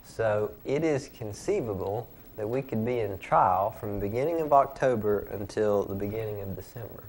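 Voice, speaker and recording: A man, a guest legislator, talking in an earnest, measured way over dinner. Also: fairly low pitch, darkish tone, slight background noise. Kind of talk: casual chat.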